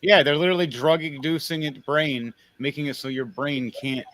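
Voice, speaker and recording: A man's voice: a little high, steady tone, normal speed, fairly bright tone. A man hosting a podcast, talking in a blunt, crude and rambling way in casual opinionated chat. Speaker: podcast host.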